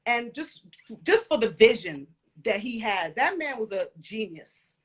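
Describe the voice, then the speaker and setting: A woman with a somewhat high, bright voice tells lively stories in a casual interview. She laughs easily and talks in casual slang, with lots of energy in her delivery. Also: a little slow, breathy edge. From Caribbean and Central American family background. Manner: animated storytelling, laughs often, casual slang. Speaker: guest, former music video dancer.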